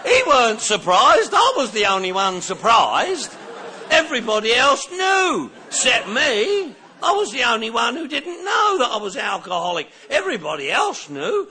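A man telling his recovery story to a group, animated and laughing, breaking into shouts at the high points. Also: moderate pace. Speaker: recovery speaker.

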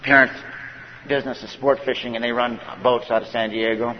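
A man's voice: mid-range voice, little pitch movement, brisk, a little hiss or hum. A man telling his personal recovery story from a conference stage, folksy, often acting out what other people said to him. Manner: folksy storyteller who acts out quoted dialogue. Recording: dull echoey hall recording.

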